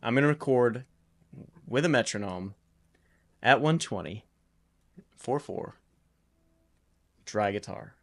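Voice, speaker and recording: Man, mid-range voice, casual tutorial, relaxed, explaining step by step, loose restarts. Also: mid-range voice, takes it slowly, creaky, long pauses, faint music behind. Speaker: guitar recording tutor. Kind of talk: casual screen-recorded tutorial.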